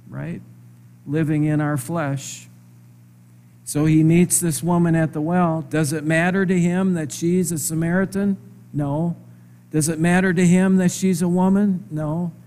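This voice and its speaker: A man preaching a sermon in a conversational way, asking his listeners rhetorical questions and stressing words slowly. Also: fairly high pitch, fairly even intonation, darkish tone. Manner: slow, emphatic phrasing.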